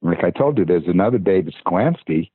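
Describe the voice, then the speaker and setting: An older man on a podcast as a guest recounts stories casually, rambling, stammering and starting sentences over. His husky voice is low, animated and fairly quick. The sound is dry and tinny, like a phone line.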